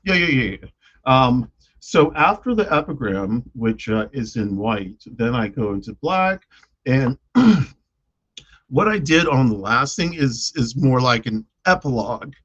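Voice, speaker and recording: A man's voice: mid-range voice, sing-song, a little slow, fairly bright tone, slightly rough, dull audio. A man chatting casually on a live stream about his own poems, hesitant and self-deprecating, with lots of fillers.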